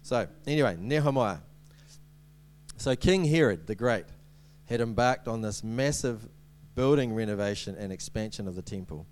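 A man's voice: fairly low pitch, lively intonation, normal speed, few pauses, a little mellow. A man giving a sermon as a preacher, in a conversational way with many ums and restarts and light humorous asides.

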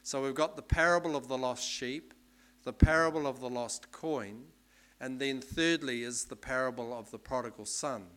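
A man from New Zealand delivers a sermon in an easygoing, teacherly way. He explains things with ums and small restarts. His voice sits in a middle pitch. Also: moderate pace, a bit bright. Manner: conversational, explanatory, with fillers. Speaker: preacher.

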